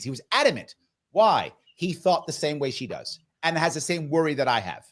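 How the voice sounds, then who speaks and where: Emphatic New man, higher voice. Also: big pitch swings, moderate pace, a bit bright. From New York. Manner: emphatic storyteller who acts out quoted voices. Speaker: political guest. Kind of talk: animated interview talk.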